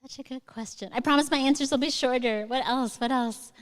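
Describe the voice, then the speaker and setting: A middle-aged woman with a fairly high, smooth, resonant voice talks onstage to a live audience. She rambles with warm enthusiasm and many fillers, and her voice carries a long hall reverb. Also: fairly quick. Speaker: guest author.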